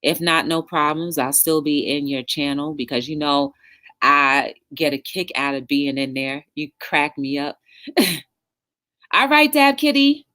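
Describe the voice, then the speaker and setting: A woman's voice: low-pitched, flat delivery, measured pace, bright, forceful tone. Chatty woman hosting a livestream show. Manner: chatty, reads live chat aloud, encouraging. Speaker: talk show host. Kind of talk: casual livestream talk.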